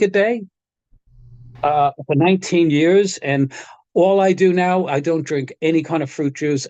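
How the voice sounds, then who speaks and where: A man's voice: fairly high pitch, a little mellow, no room sound, muffled recording. An older man, a guitar technician, telling rambling stories in casual chat, often chuckling and restarting his sentences.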